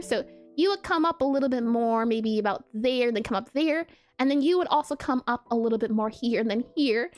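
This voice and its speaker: High-voiced gal streaming her art, bouncy pitch, nerdy kinda nasal voice, quiet music behind. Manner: chatty, thinking aloud, giggly. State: scratchy throat. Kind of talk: casual live-stream chat while drawing.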